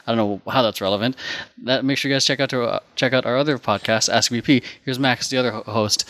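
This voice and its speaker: A young man co-hosts a casual podcast at an ordinary mid pitch. He talks loosely and laughs often. He leans on fillers and curses freely. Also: steady tone, fast talker, fairly bright tone. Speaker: podcast co-host. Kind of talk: casual chat.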